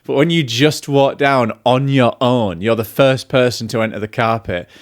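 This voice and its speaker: A man's voice: medium pitch, moderate pace. A man, a film vlogger chatting casually and self-deprecatingly, drifting off on tangents. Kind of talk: casual chat.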